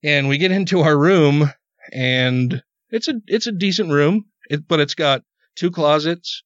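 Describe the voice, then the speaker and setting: A man's voice: on the high side, unhurried, no echo. A man hosting a podcast, telling a rambling story in casual chat, cursing freely and repeating words when worked up. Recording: dull, dry podcast audio.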